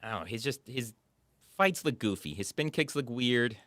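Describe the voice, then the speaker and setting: A man co-hosting a casual chat about movies, rambling and animated, with lots of fillers. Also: medium pitch, normal speed, no echo. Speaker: podcast co-host.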